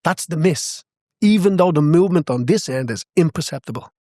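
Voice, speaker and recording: A man's voice: a little high, expressive, a little fast, warm tone, no room sound, clean studio sound. A man, a boxing coach, talking as a guest in a podcast interview, passionate and emphatic, repeating phrases to drive home his point.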